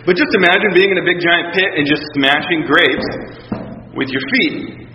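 A man preaching a sermon in a relaxed, conversational storytelling way, often restarting his sentences and acting out quotes. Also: a little high, normal speed, noisy background. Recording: echoey hall, dull sound.

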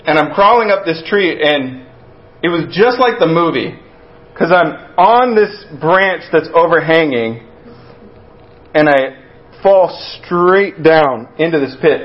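Male preacher, slightly high voice, loose storytelling delivery, dull recording. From Texas. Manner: conversational and storytelling, with many restarts and acted-out quotes. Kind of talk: sermon.

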